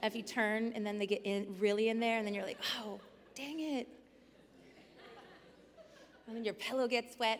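A woman in her forties preaching a sermon in a large church, telling funny personal stories that swing from hushed to loud. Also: mid-range voice, vocal fry, slight background noise. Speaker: pastor. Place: large church sanctuary with a band. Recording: long hall reverb in a big church.

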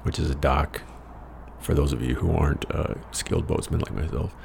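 Casting: American man, very low gravelly voice, wry profane storyteller, faint hiss behind. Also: fairly even intonation, normal speed. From United States. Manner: wry, profane, rambling with self-mocking asides. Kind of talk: casual personal storytelling.

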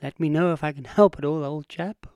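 A woman voicing a genteel male goat in cowboy boots, speaking low in a courteous old-fashioned manner, in a storybook reading. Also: fairly quick, darkish tone, no echo, clean studio sound. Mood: uneasy.

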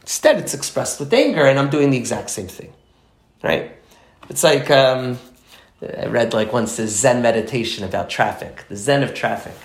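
Guy teaching a study group, rambly and chatty, gravelly voice, echoey room. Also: mid-range voice, normal speed. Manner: chatty, rambling, with many asides. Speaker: teacher leading a parenting study circle. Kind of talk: informal class lecture.

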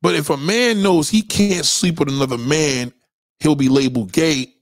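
A man's voice: a little high, normal speed, no echo, clean studio sound. A man delivering a profane, comedic rant to camera, telling stories with heavy swearing and street slang. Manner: animated storytelling, acts out quoted voices.

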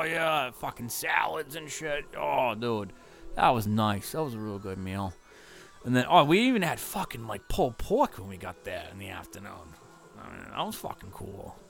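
A man recapping his tour days in a loose, wandering ramble, swearing every few words and filling gaps with "uh" and "like". His voice sits at an ordinary middle pitch, unhurried and offhand. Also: vocal fry, a bit bright. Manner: loose, profane, rambling with constant fillers. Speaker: touring musician.

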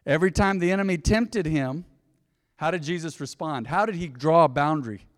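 A man's voice: on the high side, brisk. A male pastor preaching a sermon in a conversational way, often asking the congregation questions. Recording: long reverb of a large hall.

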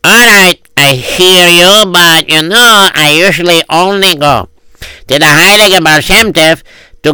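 Brief: bright-voiced, stammering Hasidic husband with a Yiddish accent, played by a man. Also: on the high side, clear, resonant tone, no echo, voice pushed up, low-quality recording. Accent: Yiddish-inflected English. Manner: stammering, hesitant. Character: hesitant Hasidic husband, middle-aged.

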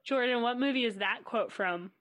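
A woman hosts a casual podcast chat in an upbeat, guiding tone. Her voice sits a bit high. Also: moderate pace, fairly bright tone. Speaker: podcast host.

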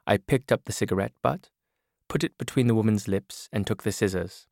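Calm male audiobook narrator, dry booth. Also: on the low side, fairly quick, vocal fry, no echo. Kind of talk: scripted narration.

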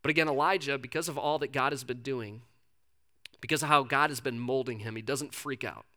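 Bright-voiced male pastor preaching. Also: mid-range voice, brisk. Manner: conversational, animated storytelling. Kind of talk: sermon.

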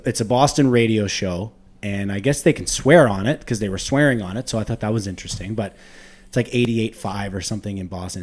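A man hosting a casual hockey podcast, talking loosely and swearing, his voice jumping up when he gets worked up. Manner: animated, swearing, rises in pitch when worked up. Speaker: podcast host. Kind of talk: casual sports chat.

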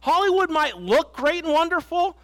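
A man's voice: very high-pitched, animated, moderate pace, fairly bright tone, dry recording. A middle-aged man preaching a sermon in a church, earnest and emphatic, telling stories and repeating his points. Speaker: pastor. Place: church sanctuary.

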